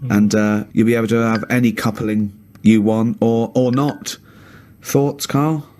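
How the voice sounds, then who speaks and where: A man's voice: lowish voice, fairly even intonation, measured pace, a little mellow. A man co-hosting a comedy podcast, telling anecdotes and teasing with dry sarcasm. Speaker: co-host.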